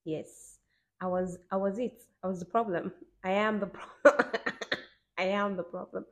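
A woman's voice: medium pitch, fairly even intonation, normal speed. A woman hosting her own podcast, talking alone in a casual, reflective, self-mocking way. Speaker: podcast host. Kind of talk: casual solo podcast talk.

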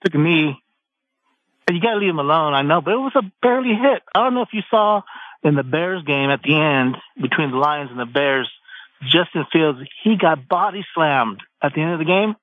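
Brief: male caller, halting and filler-heavy, tinny phone line, dry. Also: fairly high pitch, expressive, no echo. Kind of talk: sports talk radio call.

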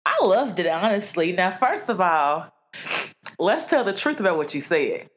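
A young woman co-host with a lively, swooping voice that rises and falls all the time. She jokes, curses freely and laughs a lot. Her talk stays loose and casual. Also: on the low side, moderate pace. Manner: animated, joking, profane, laughs a lot. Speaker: podcast co-host. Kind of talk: casual chat.

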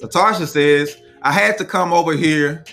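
A man's voice: fairly high pitch, normal speed, vocal fry, bright, forceful tone, faint music behind. A man hosting a casual live chat, reading viewer comments aloud and giving firm opinions.

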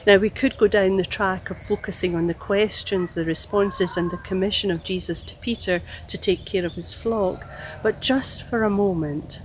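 A woman preaching a sermon, telling a story and gently acting out the quoted lines. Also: medium pitch, slight background noise, poor audio.

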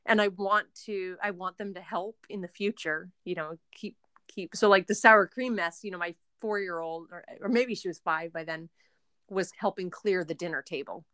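A woman's voice: lowish voice, moderate pace, a bit bright, no room sound, studio quality. A young woman, a homeschooling mother, chatting in an interview with a rambling, filler-heavy way of talking. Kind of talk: casual interview chat.

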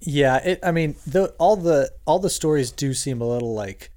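A man's voice: on the high side, animated, normal speed, a little mellow. A man co-hosting a podcast in casual chat, hesitant and hedging. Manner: hesitant, hedging, many restarts. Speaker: podcast co-host.

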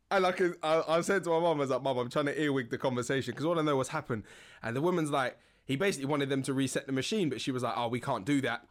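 A man's voice: on the high side, a little fast. A young man telling funny stories in a casual, rambling podcast monologue full of fillers and restarts. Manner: animated, chatty, many fillers and restarts. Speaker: podcast host.

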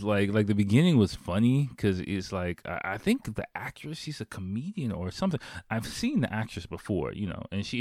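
A man's voice: fairly low pitch, a little mellow, no room sound, studio quality. A young man casually recapping a movie he watched, rambling with lots of fillers, restarts and swearing.

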